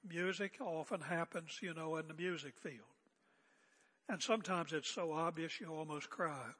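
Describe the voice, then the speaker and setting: An older man preaching a sermon as pastor, seated and speaking in a calm, conversational way with rhetorical questions. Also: fairly high pitch, moderate pace, slightly rough, big-room sound. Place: church sanctuary. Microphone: seated at pulpit area mic.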